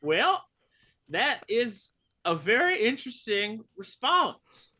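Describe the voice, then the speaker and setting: Bright, lively man playing a glib character. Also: high voice, slow. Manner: smooth, glib, mock-polite. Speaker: player. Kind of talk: in-character tabletop role-play.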